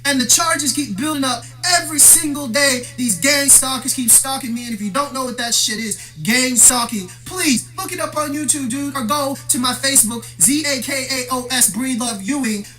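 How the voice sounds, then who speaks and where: Man, sharp bright voice, profane grievance rant for a vlog, faint music underneath. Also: extremely high pitch, moderate pace, few pauses. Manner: profane, aggrieved, confrontational. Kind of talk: ranting monologue to camera.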